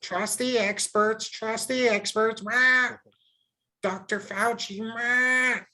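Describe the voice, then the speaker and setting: Man doing a mocking high nasal bleat of a parroting conformist, drawn-out delivery. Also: steady tone, bright, forceful tone, heavily acted.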